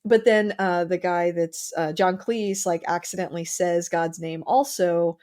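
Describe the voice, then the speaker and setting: A woman's voice: lowish voice, steady tone, measured pace, a little mellow. A woman hosting a podcast, chatting casually about a film with frequent fillers and restarts. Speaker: podcast host. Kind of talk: casual chat.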